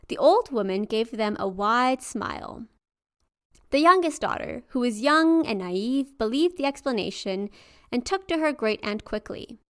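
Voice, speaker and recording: Lively woman podcast storyteller. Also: a little high, measured pace, smooth. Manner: lively, laughs easily. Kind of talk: story reading and casual chat.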